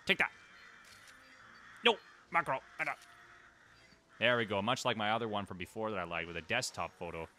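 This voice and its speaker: A man hosting a gaming channel, giving chatty play-along commentary, talking to the creatures on screen and breaking into excited exclamations. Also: fairly low pitch, moderate pace, long pauses, a little hiss or hum.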